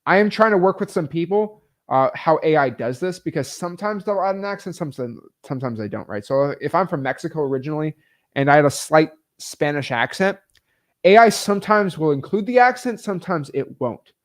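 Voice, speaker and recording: A man with a fairly high voice teaches real estate wholesaling at a brisk clip. His style is casual and energetic, packed with fillers like "like" and "um."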